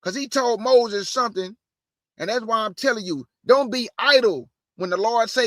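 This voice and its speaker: A man with a very high, bright, forceful voice preaches, swinging from solemn scripture reading to loud, slangy exhortation. The close mic sounds dry and direct, with no room around him. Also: normal speed, no room sound. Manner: animated, shouting bursts, slangy asides. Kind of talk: energetic street-style Bible preaching.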